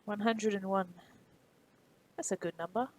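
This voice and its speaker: A woman's voice: medium pitch, steady tone, moderate pace, darkish tone. An Australian woman streamer from Perth, chatting casually with her viewers while she works on a 3D model and laughing easily. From Perth, Western Australia.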